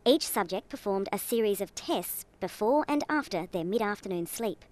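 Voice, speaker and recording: A woman reporting in a news voice-over, measured and steady. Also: medium pitch, a little hiss or hum.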